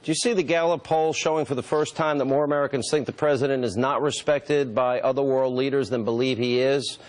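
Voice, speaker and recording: A male talk show host in a mid-pitched voice leads the interview with pointed, rhetorical questions. He builds his case by listing examples one after another. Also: fairly even intonation, a little fast. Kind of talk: broadcast interview.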